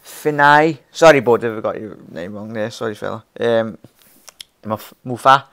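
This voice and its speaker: This fan channel host is a young man with a fairly low, slightly bright voice, talking at a normal pace. He rambles through viewer comments on a casual live stream, laughing frequently, restarting often, and calling people fella and mate.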